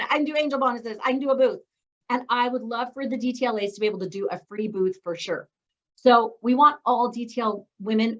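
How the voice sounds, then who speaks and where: A middle-aged woman coaching a women's group, bubbly and excitable, telling stories with lively asides. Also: medium pitch, lo-fi sound. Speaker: business coach leading a women's group meeting. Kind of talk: animated meeting talk with storytelling.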